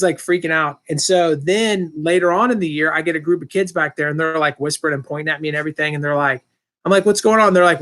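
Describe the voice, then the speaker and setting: Rambling man chatting on a live stream. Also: a little high. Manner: rambling, relaxed, with many fillers and restarts. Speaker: channel host answering live chat. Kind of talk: casual live-stream chat.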